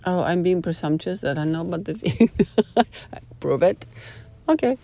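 A woman talks in a loose, rambling way, piling up dramatic groans of disgust. Her voice sits low and mellow, with a gravelly rasp. It has the feel of a casual host's monologue. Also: animated, moderate pace. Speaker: host.

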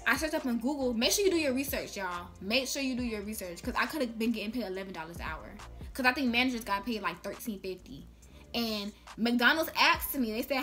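A woman's voice: fairly high pitch, animated, fast, a bit bright, soft background music. Sassy young woman vlogger. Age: young adult. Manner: sassy, playful, slangy. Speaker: vlogger giving job tips. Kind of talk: casual chat to camera.

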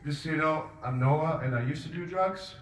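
A man doing a stand-up comedy set on a club stage, rambling in a deadpan way with many filler pauses. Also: a little high. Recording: roomy, distant mic with faint ambience.

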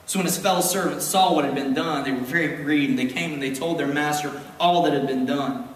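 A man's voice: on the high side, brisk, slight background noise. A male pastor preaching a sermon, emphatic and rising to fervent exhortation, recorded in a church sanctuary. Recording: echoey hall from far off.

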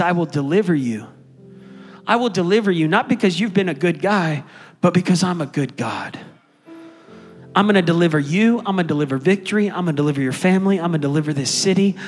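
A man preaching a sermon as pastor, building to loud, passionate calls and asking the congregation to respond. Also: sits high, big-room sound.

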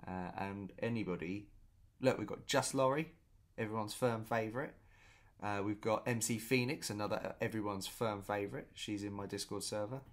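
A man telling a story in a casual vlog, chatty and animated, often repeating himself. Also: lowish voice, moderate pace. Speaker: vlogger.

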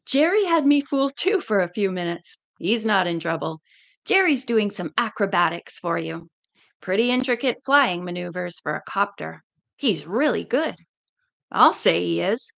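A woman reads a mystery novel aloud in a mid-pitched voice with a gravelly, fried texture. She pauses to chat casually between passages before returning to the story. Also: fairly bright tone. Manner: chatty asides between passages. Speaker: reader.

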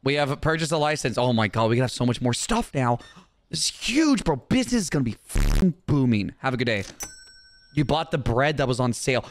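Loud, swinging young man gaming. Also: mid-range voice, sing-song, a little fast. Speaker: gaming YouTuber. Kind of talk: comedic gameplay commentary.

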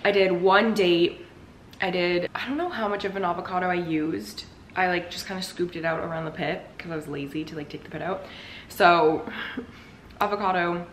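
A young adult woman chatting casually to camera at home for her vlog, rambling and peppering her talk with "like". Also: fairly low pitch. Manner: chatty and rambling, heavy use of "like". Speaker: lifestyle vlogger. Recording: roomy echo with faint noise.

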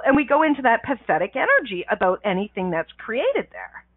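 On a tinny phone line with a dry sound, a life coach hosts a call-in radio show in a high, very animated voice. She talks briskly with few pauses, laughs a lot, and leans on slangy, emphatic wording.

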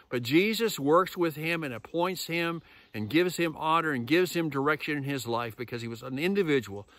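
A male pastor gives a conversational sermon, retelling stories and acting out quoted lines with lively emphasis. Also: on the high side, no echo.

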